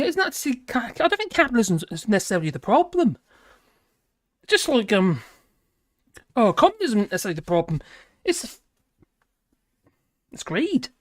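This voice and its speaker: An older woman, hosting a live stream and chatting casually with viewers in a rambling, jokey, cheeky way. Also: medium pitch.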